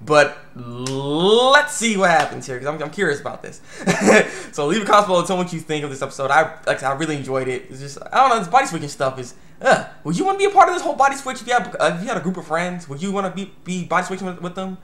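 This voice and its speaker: A young man reviewing an anime episode in a rambling, excitable way, full of restarts and fillers. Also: fairly high pitch, fast talker, hardly any pauses, reverberant. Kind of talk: casual video review.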